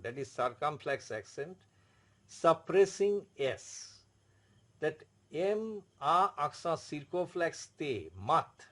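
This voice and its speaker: A man with an Indian English accent teaching a French lesson, explaining slowly and repeating words and spelled-out letters. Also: on the high side, fairly bright tone. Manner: slow, repetitive, spells out letters. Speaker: French tutor. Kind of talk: classroom explanation.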